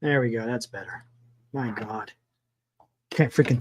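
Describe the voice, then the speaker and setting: Casual stream host, male, higher-pitched, rambling and offhand with the odd curse. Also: animated, normal speed, bright, forceful tone. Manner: rambling, thinking aloud, mild swearing. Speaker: sports talk livestream host. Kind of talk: casual livestream chat.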